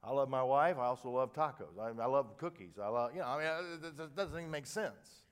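An emphatic older pastor preaches in a clean, medium-pitched voice at a fairly quick pace. His sermon storytelling is animated, moving from quiet asides to loud, forceful lines, and he repeats and restarts words when fired up.

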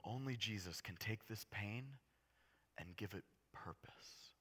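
A man preaching a sermon as a pastor, impassioned and swinging between hushed storytelling and loud, urgent delivery. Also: on the low side, slow pace, husky.

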